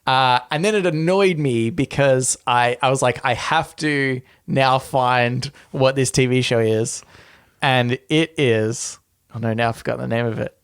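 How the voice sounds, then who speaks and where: Laughing Australian man, clear voice. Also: medium pitch, unhurried. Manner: laughs often, loose and rambling. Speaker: podcast co-host. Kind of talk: casual chat.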